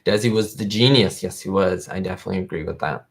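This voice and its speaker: Low-voiced man chatting on a livestream. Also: fast. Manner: rambling, fan-like, lots of fillers. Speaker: YouTube host. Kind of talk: casual livestream chat.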